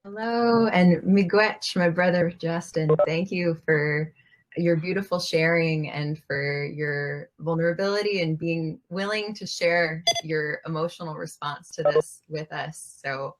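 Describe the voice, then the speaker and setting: Low-voiced young woman presenting graciously. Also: fairly even intonation, measured pace. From United States. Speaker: youth climate activist, presenter. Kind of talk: formal introduction at an online event.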